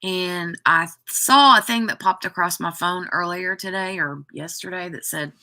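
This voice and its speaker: A woman's voice: lowish voice, measured pace, bright, forceful tone. A woman hosting a craft live stream, chatting casually with viewers in a rambling way full of "like" and "um".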